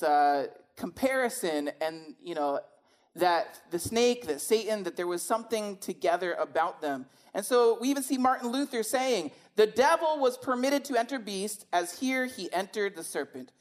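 A woman preaching a sermon in a conversational, emphatic way, often asking rhetorical questions. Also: mid-range voice.

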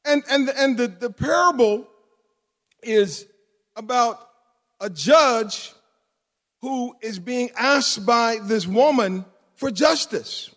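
High, bright-voiced preacher in a reverberant hall. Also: male voice, takes it slowly, pauses often. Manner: swings between fervent shouting and hushed, joking asides. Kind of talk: sermon.

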